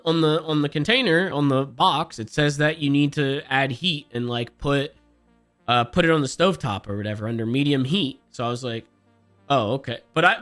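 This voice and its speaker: A man's voice: fairly high pitch, sharp tone. A man streaming, telling a rambling, profane story in an exasperated, self-mocking way and laughing at himself.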